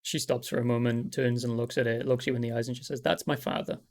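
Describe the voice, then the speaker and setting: A man narrating a tabletop game as game master, describing scenes in a relaxed way with many fillers. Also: medium pitch, fast talker.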